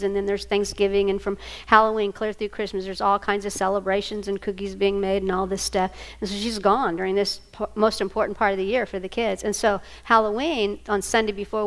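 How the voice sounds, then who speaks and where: An older woman with a Southern American accent giving a workshop talk, telling family stories and acting out the voices in them. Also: mid-range voice. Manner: animated, acts out voices in her stories. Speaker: workshop speaker. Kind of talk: storytelling lecture.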